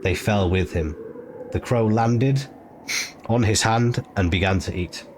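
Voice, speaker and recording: A man reading an audiobook chapter in a measured, steady narration. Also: on the low side. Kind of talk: scripted narration. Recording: noisy ambient background.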